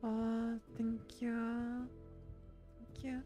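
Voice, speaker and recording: A woman's voice: on the high side, monotone, extremely slow, mellow, faint music behind. A woman streamer chatting casually and rambling with her viewers, full of restarts and little laughs. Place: lying down at home.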